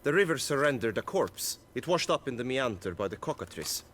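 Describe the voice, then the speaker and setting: An actor playing an earnest young knight who speaks in formal, old-fashioned courtly phrases in a video game. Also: male voice, mid-range voice, very animated, a little fast, a bit bright. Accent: mixed British Isles-like accent. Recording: game audio with faint noise.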